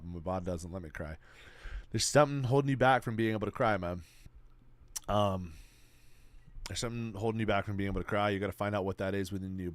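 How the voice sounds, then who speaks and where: A man's voice: on the low side, no room sound. A man in his twenties chatting casually on a live stream, swearing freely and giving laid-back advice to his chat while he plays. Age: 20s.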